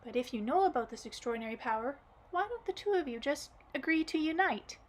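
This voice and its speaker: An eager little girl rushes out curious questions, as a woman voices her in an audiobook. Her voice sits fairly high. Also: expressive.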